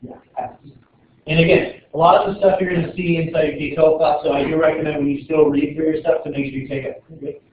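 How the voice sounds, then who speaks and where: A man's voice: a little high, brisk, slight background noise. Man lecturing in an echoey classroom. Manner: joking, rambling, animated. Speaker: biology teacher. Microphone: far camera. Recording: distant, echoey, tinny classroom camera audio.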